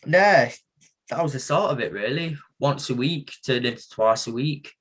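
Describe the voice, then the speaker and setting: A young man from the English Midlands with a husky voice, telling stories as a guest on a casual podcast. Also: medium pitch, moderate pace. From England. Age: young adult. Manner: relaxed storytelling with laughs and slang. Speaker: boxer guest.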